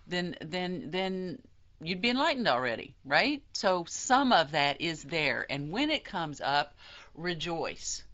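A woman giving a casual spiritual teaching talk, animated and self-deprecating, acting out quoted voices. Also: sits low. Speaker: spiritual teacher leading a study group. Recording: dull lo-fi sound.

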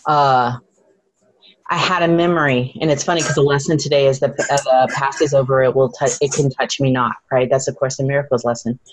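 Middle-aged woman, low-pitched, heartfelt and searching, repeats herself, emotional high peaks. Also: steady tone, fairly quick, background noise. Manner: emotional, searching, repeats words and restarts, voice rising high in emotional moments. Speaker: spiritual teacher sharing a personal story. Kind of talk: heartfelt personal sharing.

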